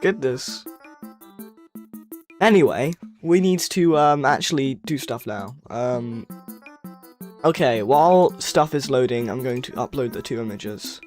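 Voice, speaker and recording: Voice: medium pitch, expressive, unhurried, a little mellow, soft background music. Rambling streamer reading chat aloud. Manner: self-correcting, stumbles over words. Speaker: livestreamer. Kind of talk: casual livestream chat.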